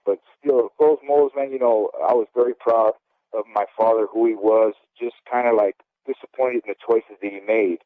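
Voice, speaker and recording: A man's voice: lowish voice, fairly even intonation, moderate pace, no echo. A man in his fifties, a former boxer, telling his life story in an interview in a candid, rambling way, often asking "okay?". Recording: dry, phone-like audio.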